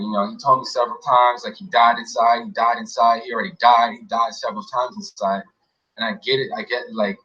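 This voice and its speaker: A man tells a personal story in a loose, rambling way, full of fillers and quiet trailing asides. His voice is bright. The recording sounds dull and lo-fi. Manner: rambling, many fillers, often drops to a quiet low mumble. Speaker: interviewee recounting an experience. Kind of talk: casual storytelling. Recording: dull lo-fi audio.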